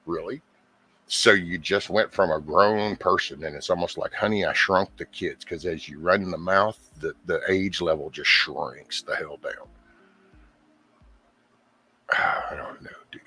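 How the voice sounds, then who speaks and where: A man hosting his own channel, talking in a casual, profane, exasperated ramble and mimicking other people in quick asides. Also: low-pitched, bright, forceful tone, husky. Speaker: YouTube channel host.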